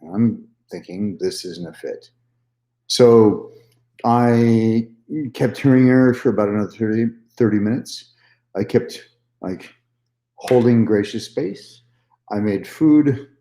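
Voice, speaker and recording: Male vlogger, mellow tone, casual candid storytelling, roomy echo. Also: fairly low pitch, takes it slowly. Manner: candid, swears freely, repeats himself.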